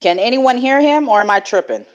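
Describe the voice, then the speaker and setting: A woman's voice: a little high, expressive, a little fast, highs cut off. A woman hosting a live audio chat room, talking in a slangy, profane, joking, laid-back way. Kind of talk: casual chat.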